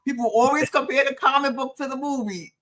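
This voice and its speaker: A woman's voice: high-pitched, fairly quick, over a noisy crowd. A woman co-hosting a podcast, chatting informally and emphatically with the guest. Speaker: podcast co-host. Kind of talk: casual interview chat.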